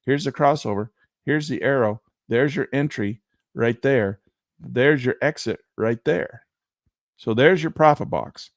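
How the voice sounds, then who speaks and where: Gravelly man explaining stock charts. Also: medium pitch, no echo, studio quality. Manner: emphatic, rhetorical asides and mock pauses. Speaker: trading instructor. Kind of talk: screen-share chart walkthrough.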